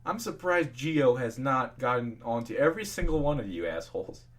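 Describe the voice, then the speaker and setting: A man's voice: medium pitch, lively intonation, normal speed. A young man casually reading fan fiction aloud, swearing freely and ranting in between. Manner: profane ranting, laughs at the text.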